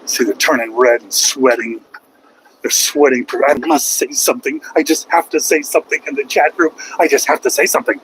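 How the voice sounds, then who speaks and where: A truck driver vlogger livestreams a rant to his chat from inside his cab on the road, answering critics with sarcasm and heckling them in a put-on whiny voice. He talks fairly quickly in a steady, fairly bright voice on the high side, and the rough recording has a little hiss or hum.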